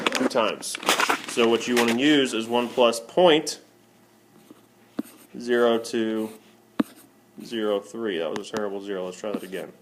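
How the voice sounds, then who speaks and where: A man's voice: mid-range voice, noisy background. A male math teacher talking through a screencast lesson, asking questions and answering them himself, with many okays. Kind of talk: screencast lesson explaining on a tablet.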